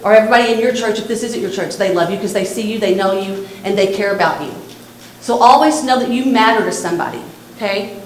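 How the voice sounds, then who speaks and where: A woman's voice: medium pitch, fast, slight background noise. Earnest Texan woman in an echoey hall. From Texas. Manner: earnest, repetitive, direct to young listeners. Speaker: suicide prevention speaker. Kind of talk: talk to church students. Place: church hall.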